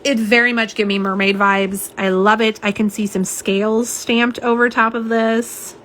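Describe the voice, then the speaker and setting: A fairly high-pitched, fairly bright female voice delivers flat, normal-speed chatter during a live nail polish unboxing and swatching. The host reads viewer comments aloud in a casual tone, with slight background noise present.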